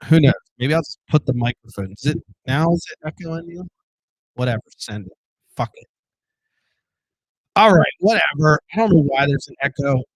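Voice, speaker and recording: A man talks alone as host of his own show, blunt and full of curses, circling back and restarting his thoughts. His voice sits a little high for a man. The sound is dry and close, with no room echo. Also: expressive, normal speed, long pauses. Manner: blunt, profane, rambling with restarts. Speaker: podcast host. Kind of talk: solo casual monologue.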